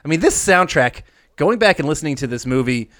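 Chatty man with a slightly high voice. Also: animated, a little fast, a bit bright. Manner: chatty, laughs often, restarts sentences. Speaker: podcast co-host. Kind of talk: casual chat, movie breakdown.

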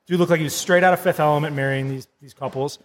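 A man co-hosting a casual podcast, telling an animated story, laughing often and acting out what people said. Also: fairly high pitch, fast, big-room sound, a little hiss or hum. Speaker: podcast co-host.

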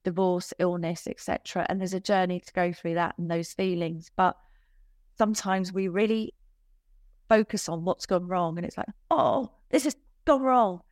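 A woman speaking as a business coach in a casual podcast interview, chatty and quick to laugh, with self-deprecating asides. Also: lowish voice, little pitch movement, darkish tone, no room sound, clean studio sound.

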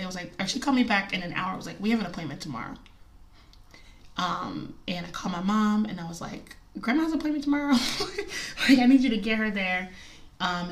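Woman, 30s, chatty and heartfelt storyteller, mid-pitched voice, recorded slightly off-mic. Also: far from the mic. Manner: chatty, emotional, many fillers, laughs often. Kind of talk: personal story, casual talk.

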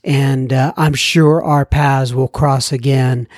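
A man's voice: medium pitch, steady tone, takes it slowly, dry recording, clean studio sound. A man hosting a podcast, reading listener mail in a chatty, self-deprecating way. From United States. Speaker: podcast host.

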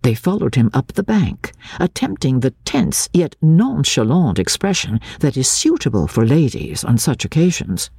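Low, husky woman reading dramatically. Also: moderate pace, few pauses, no echo, clean studio sound. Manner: expressive, theatrical. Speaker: radio reader.

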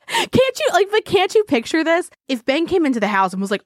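A woman from Arizona co-hosting a casual podcast, animated, laughing often and swearing freely. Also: extremely high pitch, moderate pace, no echo, clean studio sound. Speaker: podcast co-host. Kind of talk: casual chat. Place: home.

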